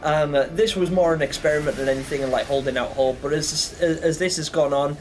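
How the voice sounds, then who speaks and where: A man's voice: fairly high pitch, steady tone, fairly quick. A young man chatting casually on a livestream, rambling with lots of fillers and chuckles.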